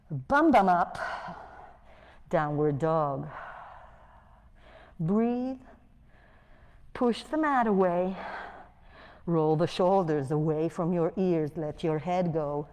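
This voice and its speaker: A woman yoga instructor with a non-native English accent, gently cueing poses and breathing as she leads a class on a mic in a yoga studio. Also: on the low side, animated, drawn-out words, long pauses. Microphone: wearing a mic. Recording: long echo of a studio hall.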